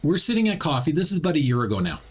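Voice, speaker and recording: A man's voice: on the high side, very animated, very fast, a bit bright, slightly rough. A Canadian man hosting a casual opinion commentary, blunt and ranting. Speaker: commentary channel host.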